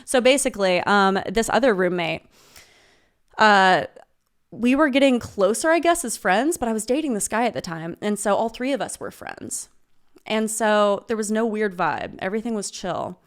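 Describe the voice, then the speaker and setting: A woman in her twenties, a podcast guest, casually telling a story in an animated way, swearing freely and laughing as she goes. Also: medium pitch, moderate pace, smooth.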